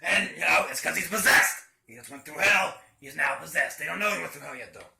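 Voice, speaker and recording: A man's voice: fairly high pitch, brisk, vocal fry, sharp tone. A man casually retelling a story on his channel, rambling and swearing a lot in slangy talk, recorded in an echoey room. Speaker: channel host.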